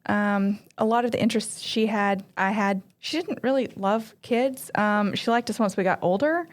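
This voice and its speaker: A woman from Arkansas, a pastry chef guest, telling her story in relaxed conversation. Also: mid-range voice, moderate pace. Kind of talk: casual interview chat.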